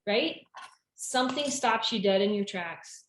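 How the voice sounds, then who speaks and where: An enthusiastic woman from California chats as a podcast guest, often restarting her sentences. Her voice sits at an ordinary pitch. The recording has a noticeably echoey room sound. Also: lively intonation, a little slow, slight background noise. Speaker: podcast guest, business founder. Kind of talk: casual conversation. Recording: roomy echo.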